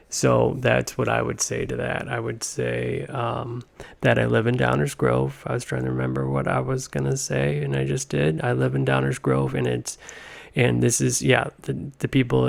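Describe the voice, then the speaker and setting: A man hosting a comedy podcast, talking in a meandering, deadpan monologue full of tangents. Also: mid-range voice, creaky. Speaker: podcast host.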